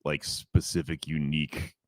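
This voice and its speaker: A man's voice: extremely low pitch, little pitch movement, a little slow, dry recording. A man co-hosting a podcast, rambling loosely through a movie recap with lots of fillers and restarts. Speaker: podcast co-host. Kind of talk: casual chat.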